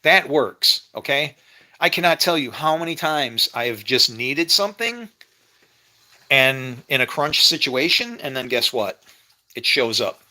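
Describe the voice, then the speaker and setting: Bright-voiced man rambling emotionally. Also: mid-range voice, animated, measured pace. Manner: rambling, emotional, with frequent laughs and restarts; preachy, talks about faith. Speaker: vlogger. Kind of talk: rambling casual monologue. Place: home kitchen.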